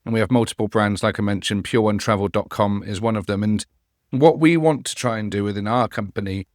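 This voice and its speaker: Animated storytelling man. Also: fairly low pitch, brisk, no room sound, studio quality. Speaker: podcast guest, customer experience consultant. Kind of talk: conversational interview.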